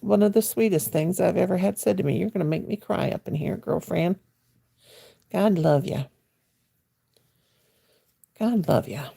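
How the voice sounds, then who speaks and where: An older woman talking casually to her livestream viewers from her armchair at home. Her voice is deep, gravelly and husky, with a dark, mellow tone. She chats in a folksy way and answers comments as they come in. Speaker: crochet livestream host. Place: at home, sitting in her chair.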